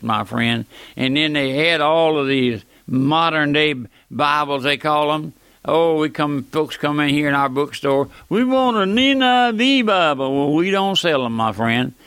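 An older man from the American South preaching a fiery radio sermon, an old-time preacher who keeps saying "my friend" and swings from thundering to quiet. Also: a little high, unhurried, smooth, no room sound.

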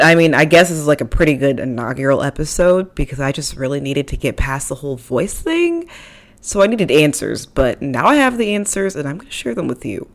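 Young female podcast host with a low-pitched voice, casual and chatty, quick to poke fun at herself. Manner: chatty, self-deprecating, playful asides. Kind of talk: casual solo podcast talk. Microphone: studio microphone.

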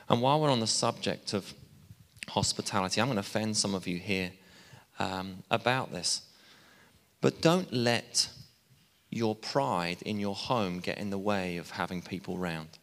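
Male preacher, conversational sermon delivery, slightly low voice, long hall reverb. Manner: chatty, warm asides, laughs at himself.

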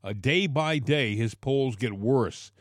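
A man's voice: mid-range voice, takes it slowly, no echo, clean studio sound. A man co-hosting a political talk show, emphatic and repeating words as he argues.

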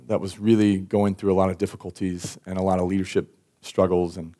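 Young guy telling a story from the pulpit, lowish voice, lots of likes and ums. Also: mellow. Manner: conversational, frequent "like" and "um", sighs. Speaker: worship pastor. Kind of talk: sermon storytelling. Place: church service.

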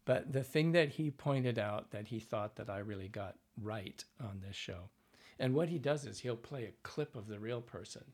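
Husky-voiced male dialect coach. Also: on the low side, moderate pace, hardly any pauses. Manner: animated anecdotes, acts out voices, frequent fillers. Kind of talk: conversational interview storytelling.

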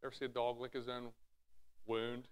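A man's voice: medium pitch, completely flat delivery, normal speed. A man preaching a sermon, teaching from scripture with rhetorical questions and acting out Bible scenes in raised voices. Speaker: pastor.

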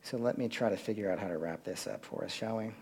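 A man preaching a sermon, shifting from quiet asides to loud, emphatic peaks and questions to the congregation. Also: fairly low pitch, quick pace, slight background noise. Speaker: pastor.

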